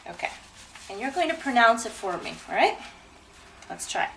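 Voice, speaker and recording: A woman teaching pronunciation, drawing out each word slowly and clearly. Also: fairly high pitch, sing-song, a bit bright, far from the mic, slight background noise, rough recording. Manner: slow, drawn-out, over-articulated. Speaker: English pronunciation tutor. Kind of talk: demo pronunciation lesson.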